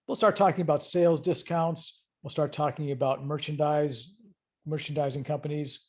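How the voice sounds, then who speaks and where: A man's voice: on the high side, fairly even intonation, normal speed, a little mellow. A middle-aged man giving an online accounting lecture, explaining step by step in a conversational way and asking students questions. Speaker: accounting instructor.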